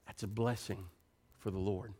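A man preaching a sermon. He moves between quiet, earnest pleading and animated storytelling. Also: moderate pace. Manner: animated, rising to high excited pitch when telling stories.

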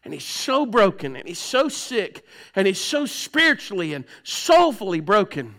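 A male pastor preaching a sermon in a plain, conversational way, swinging between soft and loud passages. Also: high-pitched, very animated, moderate pace.

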